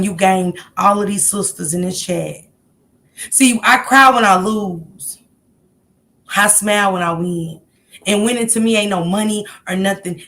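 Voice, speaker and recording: Gravelly-voiced woman hosting a livestream. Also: mid-range voice, a bit bright. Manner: heartfelt and encouraging, greets chatters by name. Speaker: livestream host. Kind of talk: casual livestream chat, answering viewers.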